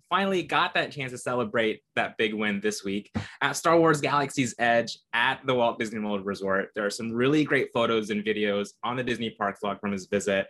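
A man's voice: mid-range voice, a bit bright. A man from Orlando co-hosting a podcast, reading park news with enthusiasm and easy laughter. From Orlando, Florida. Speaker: podcast co-host. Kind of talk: casual podcast news chat.

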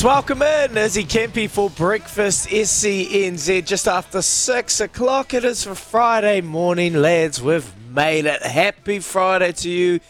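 A man's voice: high-pitched, a bit bright. A man with a New Zealand accent hosting breakfast radio with an upbeat, chatty welcome. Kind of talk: casual radio banter.

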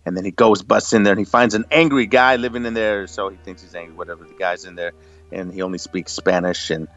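A man hosting a casual podcast, summarizing a TV episode in a relaxed way with frequent laughs. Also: low voice, fast talker, dull audio, soft background music. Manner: relaxed, laughs often, many fillers. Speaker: podcast host. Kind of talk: casual recap chat.

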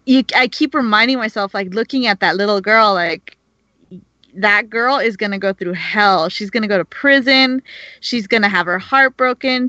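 A woman's voice: medium pitch, sharp tone, no echo, highs cut off. A woman in casual podcast chat, opinionated and rambling, full of restarts and fillers. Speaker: podcast co-host discussing a TV show.

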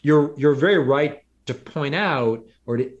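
A man's voice: a little high, unhurried, dull audio. A middle-aged man telling a crime story as an interview guest, with lots of restarts and fillers along the way. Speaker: podcast guest, author of true crime reporting. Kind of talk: conversational interview. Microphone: podcast microphone.

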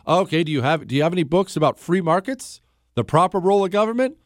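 A man's voice: fairly high pitch, lively intonation, quick pace, no room sound, clean studio sound. A man hosting a call-in talk radio show, talking in a conversational, emphatic and opinionated way.

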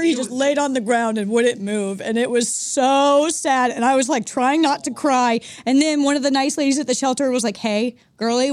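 Chatty woman co-host, bright pitch. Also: no room sound. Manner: earnest, chatty storytelling. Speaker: radio show co-host. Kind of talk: casual talk-show chat. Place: radio studio.

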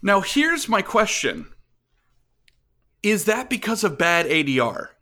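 A man's voice: high voice, sing-song, takes it slowly, bright, forceful tone. A man co-hosting a casual film review chat, talking with chatty enthusiasm. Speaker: podcast co-host.

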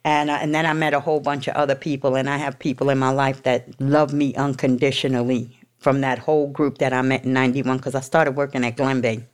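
A woman's voice: a bass voice, little pitch movement, brisk, hardly any pauses, clean tone. A woman from New York telling her recovery story to an audience in a blunt, profane, emotional way. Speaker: recovery speaker. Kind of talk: candid personal recovery story.

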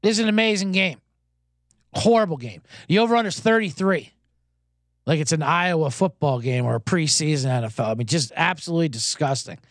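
Give me an animated male betting-show host, swearing as he tells stories, in a dry booth. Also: a little high, a little fast, no echo. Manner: animated, profane, acts out crowd chants in loud bursts. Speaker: sports betting podcast host. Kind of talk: casual storytelling and betting picks.

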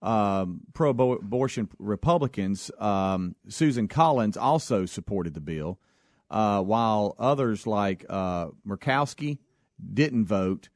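A man co-hosting a talk radio show, explaining things in a measured way with fillers. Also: lowish voice, lively intonation, no room sound, studio quality. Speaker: radio co-host.

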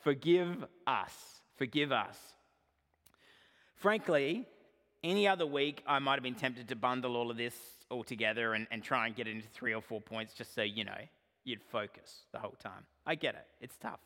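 A male pastor giving a sermon to his church, earnest and direct, swinging from emphatic points to quiet asides. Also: mid-range voice, steady tone, moderate pace. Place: church sanctuary. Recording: long hall reverb.

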